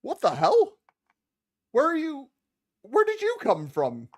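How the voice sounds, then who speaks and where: A man's voice: on the high side, big pitch swings, moderate pace, husky, heavily acted. Man doing a cocky young brawler. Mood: cheeky. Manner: loud, cheeky, taunting.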